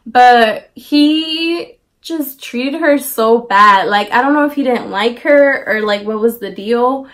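A young woman tells her followers a story in a casual, slangy way. She drops in lively asides, and her voice sits a little high. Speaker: vlogger. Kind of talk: storytime vlog.

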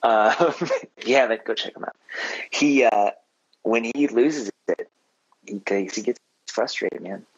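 A man hosting a podcast, telling a story in a relaxed, casual way full of fillers. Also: medium pitch, a little slow, slightly rough, lo-fi sound. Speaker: podcast host. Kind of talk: casual interview chat.

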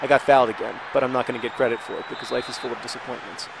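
A man casually commenting while playing a video game, rambling and restarting sentences, with sudden excited outbursts. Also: medium pitch, very fast, creaky, a crowd in the background, background noise. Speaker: video host.

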